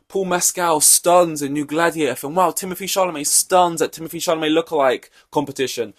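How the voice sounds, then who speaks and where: A man's voice: a little high, animated, brisk, few pauses. A young man hosting a solo podcast, ranting in an exasperated, profane way. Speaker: podcast host.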